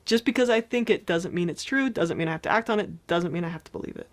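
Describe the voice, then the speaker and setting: A woman's voice: lowish voice, fast. A woman therapist talking casually as she explains thought exercises, often checking in with "right?" along the way.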